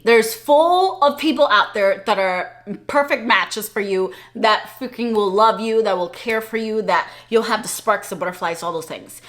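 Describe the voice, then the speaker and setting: A young adult woman vlogging, telling a story in a chatty, animated way and laughing often. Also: a little high. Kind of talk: casual storytelling vlog.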